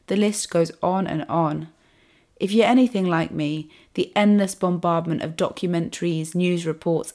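A woman hosting her podcast, croaky from a cold, reading an earnest, upbeat script. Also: fairly low pitch, a little mellow. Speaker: podcast host.

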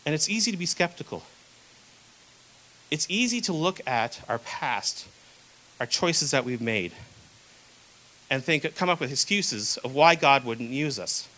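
A young man delivers a sermon in a relaxed, conversational way, slipping into the voices of the people in his stories. His voice sits high and sounds bright. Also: poor audio. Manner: casual, conversational preaching with acted-out quotes. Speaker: preacher.

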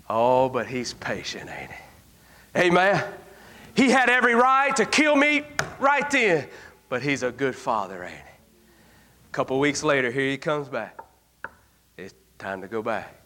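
A man preaching a revival sermon, telling folksy stories that swing from low murmurs to shouted exhortation.

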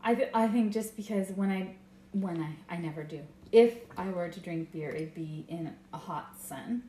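A woman's voice: lowish voice, mellow, slight background noise. A woman co-hosting a podcast, chatty and playful as she tastes and talks about beer. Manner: chatty, playful, quick to laugh. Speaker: podcast co-host. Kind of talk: casual chat, beer tasting. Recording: echoey room.

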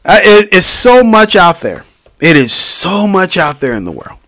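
Male solo podcaster, slightly high and very lively voice, loose and profane, recorded dry. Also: a little slow, no room sound. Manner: rambling, profane, animated with sudden loud outbursts. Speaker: podcast host. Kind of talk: casual solo podcast monologue.

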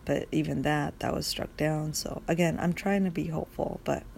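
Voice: mid-range voice, steady tone, moderate pace, gravelly, a little mellow, slight background noise. A podcast host rambling through a casual solo monologue, just woken up and groggy, swearing freely and losing the thread.

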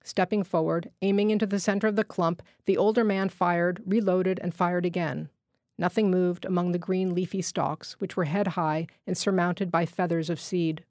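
A woman reading a literary short story aloud in a measured, restrained way, voicing the dialogue lightly. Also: fairly low pitch, fairly even intonation, a little mellow, no echo, clean studio sound.

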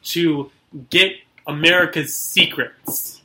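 A man's voice: a little high, fairly even intonation, takes it slowly, sharp tone, slight background noise, poor audio. A man chatting casually as a podcast co-host, dropping dry, teasing interjections. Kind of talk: casual chat.

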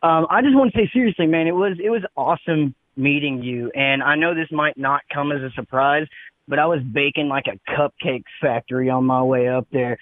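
A man's voice: on the high side, a little fast. Laid-back male caller on a phone line. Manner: laid-back, rambling, lots of "man". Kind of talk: prepared call-in speech.

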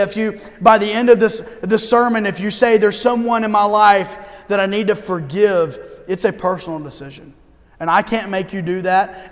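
High-voiced male pastor in reverberant church. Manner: conversational preaching with humor and emphatic slowdowns. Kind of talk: sermon. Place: church sanctuary.

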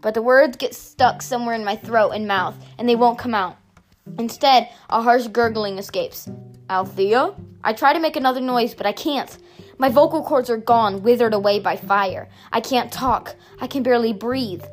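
A woman narrating a first-person story aloud in a steady, softly expressive reading. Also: on the high side, moderate pace, faint music behind.

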